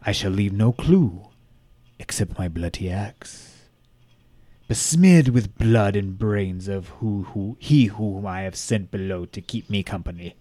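A man's voice: fairly low pitch, unhurried, warm tone, no echo. A man reading as a boastful demonic axe killer. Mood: menacing. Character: demonic male axe murderer boasting in a letter.

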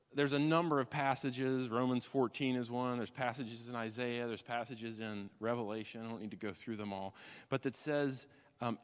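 A man preaching a sermon as a pastor, dramatic, swinging from loud declarations to hushed tones. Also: mid-range voice, in a large hall.

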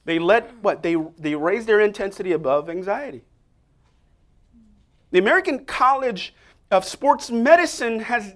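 A man preaching an energetic sermon, prompting listeners to repeat phrases to each other. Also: sits high. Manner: energetic, call-and-response prompts to the congregation.

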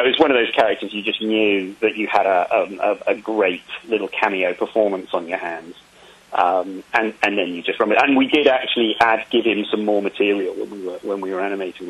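A man being interviewed about making a film, answering in a casual, halting way with many ums and restarts. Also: lowish voice, slightly rough, lo-fi sound.

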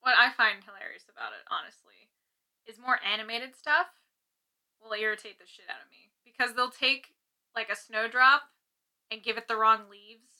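A woman's voice: on the high side, normal speed, sharp tone. A woman co-hosting a casual podcast chat, swearing freely and breaking into laughter as she rants. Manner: ranting, swearing, laughing often. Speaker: podcast co-host. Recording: uneven home podcast sound.

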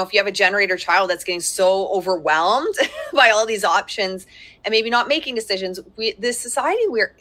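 A woman's voice: medium pitch, bright, forceful tone. A woman in her thirties giving a chatty live-streamed parenting talk from home, laughing often and breaking off to speak to her children. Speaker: parenting coach hosting a live workshop. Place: at home with young children around.

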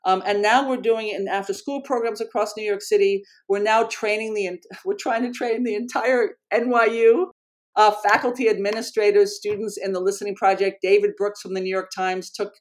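A woman educator speaking in an interview, earnest and animated, often correcting herself mid-sentence. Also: mid-range voice, fairly quick. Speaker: educator and program founder. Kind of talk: conversational interview storytelling.

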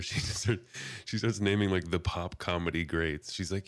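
A man co-hosting a casual podcast, telling a story in a relaxed way with lots of filler words. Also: low voice, unhurried, no echo, studio quality. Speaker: podcast co-host.

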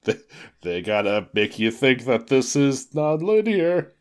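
Wry male reader, mid-pitched, plain voice, comic gamebook read-aloud. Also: sing-song, unhurried. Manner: wry, amused. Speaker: co-host, reader. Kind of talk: reading a gamebook aloud with chat.

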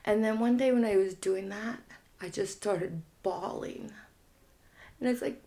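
Slow, gravelly-voiced woman telling her story. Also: mid-range voice, dark tone. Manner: reflective, halting, frank. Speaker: guest in recovery. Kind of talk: personal recovery story.

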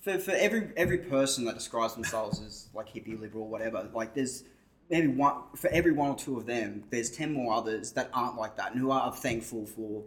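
A man's voice: medium pitch, fairly quick. Reflective Australian man on a podcast. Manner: thoughtful, rambling, with restarts and swearing. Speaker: podcast co-host. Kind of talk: casual chat.

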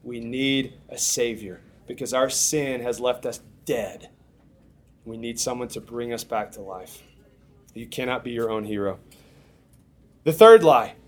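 A young man preaching, telling a funny story with big swings from hushed lines to shouted ones. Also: mid-range voice, a little hiss or hum. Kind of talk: storytelling sermon.

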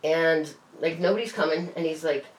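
A woman's voice: low voice, normal speed, slight background noise. A woman telling a story in casual chat, bluntly and with plenty of swearing. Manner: blunt, swears freely, leans on "like". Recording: echoey room with faint ambience.

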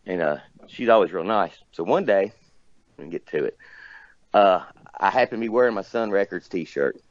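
A man's voice: sits low, lively intonation, normal speed, no echo, muffled recording. A man from near Nashville, casually telling a rambling story as a guest, cussing and laughing often. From Tennessee, near Nashville.

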